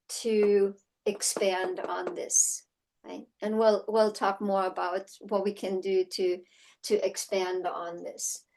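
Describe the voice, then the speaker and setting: A woman's voice: on the high side, mellow, rough recording. A woman from Germany teaching a horsemanship course, mixing personal stories into the lesson and often checking in with "right?". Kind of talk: teaching session with personal storytelling.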